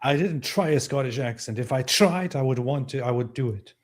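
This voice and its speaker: A man's voice: medium pitch, brisk. A man hosting a live commentary stream, talking with sarcasm and disbelief. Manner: sarcastic, incredulous. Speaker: host.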